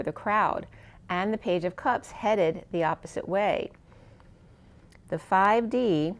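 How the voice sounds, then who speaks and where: A woman giving a spiritual tarot card reading, talking in a soft, meandering way with phrases that trail off, and saying she is losing her voice. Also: fairly low pitch. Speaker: tarot reader.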